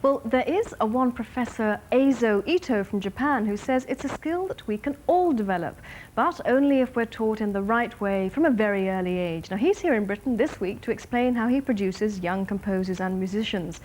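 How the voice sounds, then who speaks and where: A woman presenting a live daytime magazine show, linking items in a brisk manner. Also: on the high side, lively intonation, a little mellow, poor audio. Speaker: studio host.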